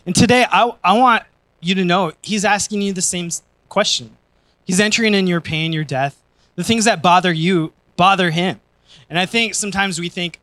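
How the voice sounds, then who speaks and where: Bright-voiced energetic male preacher. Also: high-pitched, moderate pace, no echo. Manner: energetic and joking, then earnest and soft. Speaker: pastor. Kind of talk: sermon. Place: church.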